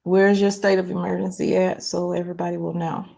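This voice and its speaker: A woman's voice: fairly low pitch, flat delivery, a little fast, vocal fry, dark tone. A woman chatting casually on a livestream, rambling and reading viewer comments aloud. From North Carolina. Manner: rambling, chatty, many "um"s and restarts. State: struggles to read, reads slowly. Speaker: livestream host.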